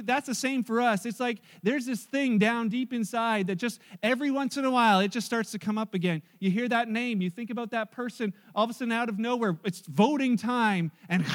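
A man's voice: extremely high pitch, a bit bright, big-room sound. A man preaching a sermon in a chatty storytelling way, acting out the lines of people in his anecdotes. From Canada. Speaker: pastor.

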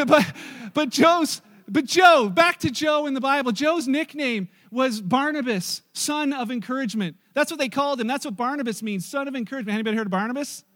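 A middle-aged pastor with a strikingly high voice preaches to his congregation. He tells anecdotes in a lively, conversational way, acts out quotes and teases people in the room. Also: a little fast. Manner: animated, storytelling with acted quotes and audience asides. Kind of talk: sermon.

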